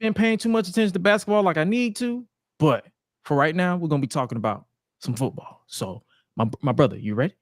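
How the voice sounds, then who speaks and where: A man's voice: on the high side, expressive, fast talker, dry recording, clean studio sound. A man hosting a wrestling and sports podcast live, talking in a laid-back, slangy way and calling out to his listeners. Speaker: podcast host. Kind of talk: casual sports podcast chat.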